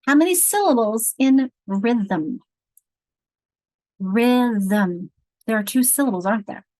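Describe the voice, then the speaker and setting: A woman leading an online teacher training on reading instruction from home, explaining patiently and slowly sounding out example words. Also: fairly high pitch, animated, dark tone, no echo, poor audio. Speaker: literacy instructor.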